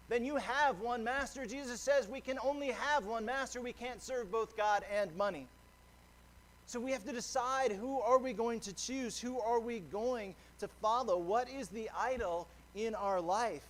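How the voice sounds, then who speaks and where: A man preaching a sermon as pastor, earnest and conversational, often restarting a phrase. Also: very high-pitched. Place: church sanctuary.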